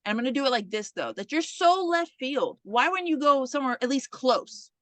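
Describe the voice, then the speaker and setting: A woman with a high, bright voice recaps a horror film for her podcast co-host, jumping into the characters' voices as she goes. She talks casually and swears freely. The recording is dry and close. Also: a little fast, dry recording. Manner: animated storyteller who acts out the characters' lines and swears freely. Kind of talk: casual chat, retelling a horror movie.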